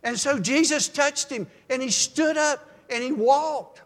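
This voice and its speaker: An older man preaching a sermon as a pastor, telling folksy stories in a calm, measured way. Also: very high voice, long reverb tail.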